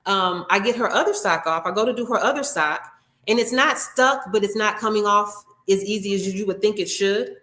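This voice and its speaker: A woman's voice: mid-range voice, moderate pace, bright, forceful tone, reverberant. A woman working as a nail technician, telling an earnest, heartfelt story in an interview, acting out what people said. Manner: earnest and heartfelt, with frequent restarts and acted-out quotes.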